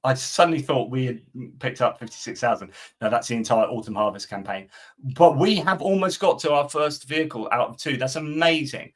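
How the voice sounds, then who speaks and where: Hosting a live stream, a middle-aged man with a medium-pitched voice chats briskly and casually while answering viewer comments. He rambles, full of fillers and restarts.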